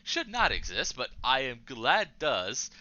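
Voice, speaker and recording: A young man rambles through a vlog monologue, cursing freely as his frustration spills over. His voice is very bright and lively, swinging up and down in pitch. The recording sounds dull and lo-fi. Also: measured pace, no room sound. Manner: rambling, profane, frustrated ranting. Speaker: YouTuber.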